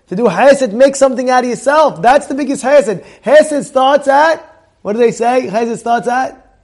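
A man's voice: very high-pitched, animated, a little slow, darkish tone. A man, a rabbi, giving an informal Torah class, telling stories and quizzing his listeners by name. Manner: conversational, tells stories, quizzes the audience by name.

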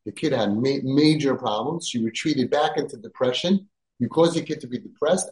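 A man hosting a parenting podcast, speaking emphatically and sprinkling in Yiddish and Hebrew words, rising to near-shouting when he scolds. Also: mid-range voice, brisk, reverberant, low-quality recording. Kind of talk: podcast talk giving advice.

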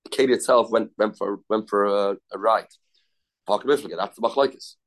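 Speaking at a measured pace in a voice on the low side, this man leads a casual Talmud lesson. His sentences frequently restart, terms get repeated, and Hebrew and Yiddish words slip into his speech.

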